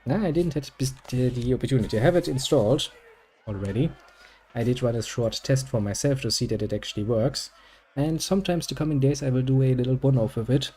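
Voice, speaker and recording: A man's voice: medium pitch, fairly quick, mellow, slightly rough. A man hosting a gaming video, chatting casually and joking as he plays, swearing freely. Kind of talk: casual gameplay commentary.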